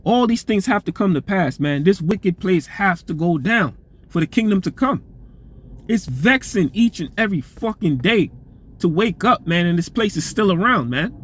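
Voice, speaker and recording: High-voiced man preaching loosely. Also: lively intonation, normal speed, fairly bright tone, breathy edge. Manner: loose, profane preaching with frequent "man" tags; repeats words and restarts while reading aloud. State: voice getting strained. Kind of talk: informal scripture teaching.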